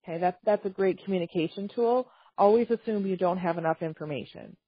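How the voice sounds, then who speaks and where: A woman with a slightly husky voice teaches communication skills in a calm, measured, conversational way. Her voice is recorded dry and a little dull, with no room sound. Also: fairly low pitch, no echo. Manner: calm, measured, conversational, with acted-out example phrases. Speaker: trainer. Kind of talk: instructional talk on communication.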